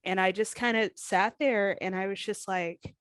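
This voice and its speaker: A woman's voice: mid-range voice, normal speed, no echo. A woman in her thirties, a guest on an interview podcast, telling her story candidly and emotionally, acting out what others said. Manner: emotional, candid, quotes others in lively voices. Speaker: guest, former pro wrestler.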